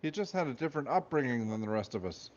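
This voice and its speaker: A man's voice: mid-range voice, animated, quick pace, natural voice. Brief: man voicing a sulky teen boy in a storybook reading, dry grumbling delivery, dull lo-fi sound.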